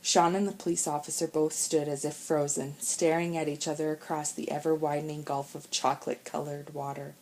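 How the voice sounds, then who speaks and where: A woman narrating a children's chapter book in a calm, measured way. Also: low voice, poor audio. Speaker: audiobook narrator. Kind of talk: storybook narration.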